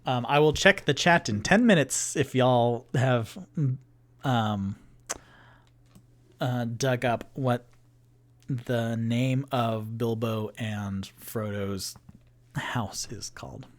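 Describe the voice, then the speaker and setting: Running a solo tabletop game on a livestream, a man narrates slowly and loosely in a medium-pitched voice. His meandering narration is heavy with fillers, and he often stops and restarts sentences while working out the scene.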